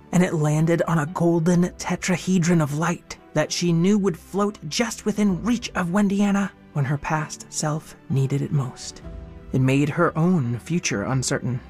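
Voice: mid-range voice, darkish tone. A narrator reading a scripted adventure story expressively, dropping into whispers at moments.

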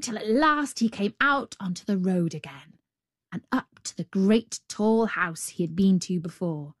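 A woman reading a fairy tale aloud at an unhurried, rhythmic pace. She builds her repeated phrases step by step, and her voice sits mid-pitched and close, with a dry sound and no room around it. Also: expressive, no room sound. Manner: slow, rhythmic, building repetitions. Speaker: storyteller.

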